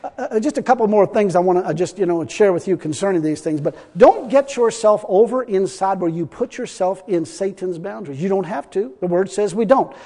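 A high-pitched male pastor delivers a folksy, emphatic sermon, breaking into chuckles between points. His voice rings out with a long reverb, as if the mic picks him up in a church hall. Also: animated, fairly quick, warm tone.

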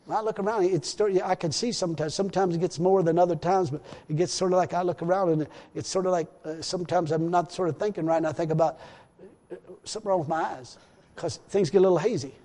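A man's voice: sits high, fast talker, dark tone, long reverb tail. A man preaching a rambling, repetitive sermon in a church, full of hallelujahs. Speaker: pastor.

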